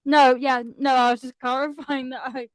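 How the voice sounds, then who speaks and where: A young woman co-hosts a podcast and drops in short remarks and laughs. Her voice sits fairly high and sounds close and dry on the mic. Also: level tone, no room sound. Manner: chimes in briefly, quick to laugh. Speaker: podcast co-host. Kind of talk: casual chat.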